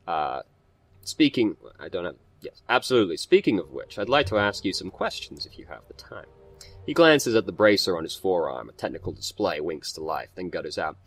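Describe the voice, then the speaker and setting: A man hosting a casual let's play, reading game text aloud in a fairly low voice. He swears freely and trips over words as he goes, keeping a loose, offhand tone. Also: big pitch swings, a little fast, fairly bright tone.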